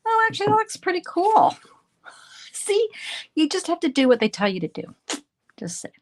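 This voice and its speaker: Making cards on camera, this Canadian woman keeps up a chatty, self-deprecating stream of talk to viewers, poking fun at her mistakes in a casual tutorial. She speaks at normal speed in an extremely high, sing-song voice, with slight background noise.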